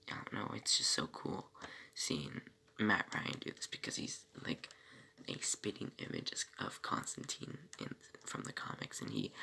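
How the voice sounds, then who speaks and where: A man's voice: low voice, vocal fry, pushed and bright, slight background noise. A man casually recapping a TV episode, rambling with many fillers and self-corrections and breaking off for small asides. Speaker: TV episode reviewer.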